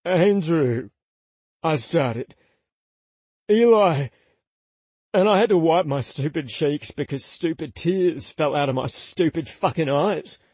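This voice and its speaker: A man narrating a first-person audiobook in an intimate, confessional, unhurried way. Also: fairly high pitch, a little mellow, slightly rough, no echo.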